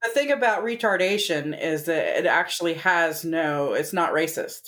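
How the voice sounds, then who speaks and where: A woman's voice: low-pitched, lively intonation, normal speed, a bit bright. A woman from Missouri in casual chat as co-host, blunt and joking.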